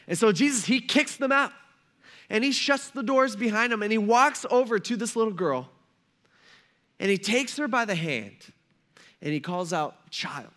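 A pastor with a high voice and moderate pace gives a casual, conversational sermon. He speaks in a relaxed, slangy way, acting out the story's characters in everyday talk.

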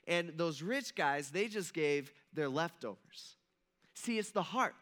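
Bright, casual-sounding male pastor. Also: a little high, lively intonation, measured pace. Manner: casual, conversational preaching with retold dialogue. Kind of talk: sermon. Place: church auditorium.

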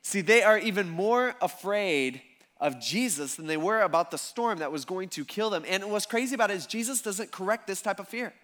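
A male pastor preaching a conversational sermon to a church congregation, telling the story in a casual, animated way with lots of fillers. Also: high-pitched, moderate pace. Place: church service before a congregation.

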